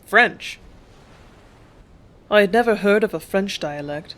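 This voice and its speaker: A woman reading a first-person memoir as an audiobook narrator, calm and measured. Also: mid-range voice.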